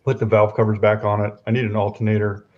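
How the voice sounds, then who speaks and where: A man's voice: on the low side, flat delivery, quick pace. A man telling stories in a laid-back, casual way. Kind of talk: casual garage chat. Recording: dull lo-fi sound.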